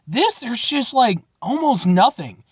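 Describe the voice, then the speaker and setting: A young man from Illinois reviews a drink in a loose, rambling monologue, full of restarts and casual cursing. His pitch moves a lot, rising and falling within a sentence. The sound is close and dry, with no room around it. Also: big pitch swings, a little slow, slightly rough, dry recording. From Illinois, USA. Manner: rambling, blunt, swears casually, hesitant restarts. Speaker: vlogger reviewing root beer.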